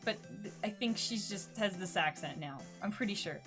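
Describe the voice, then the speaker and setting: A woman's voice: mid-range voice, expressive, moderate pace, few pauses, fairly bright tone, soft background music. A young woman streamer chatting playfully and thinking aloud as she plays a story game. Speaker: gaming streamer. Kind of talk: casual let's play commentary.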